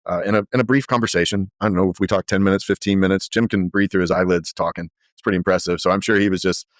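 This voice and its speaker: Podcast guest, male, lowish voice, animated storyteller, dry close sound. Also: racing, no echo. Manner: animated, lively storyteller with frequent fillers. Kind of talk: conversational storytelling.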